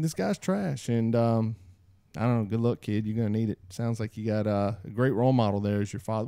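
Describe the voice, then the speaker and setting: A male podcast host talking in loose, casual chat. His voice is mellow and dark, recorded close and dry, and he leaps up in pitch for emphasis when he reads out listener posts. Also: no room sound. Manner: animated, jumps high in pitch for emphasis.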